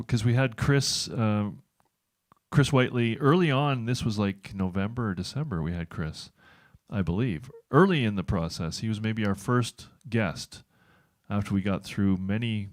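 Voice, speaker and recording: A man's voice: lowish voice, moderate pace, no echo, studio quality. A man of about sixty hosting a casual afternoon show, chatty and self-deprecating with a joking manner. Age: 60s. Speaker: host. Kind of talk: casual chat.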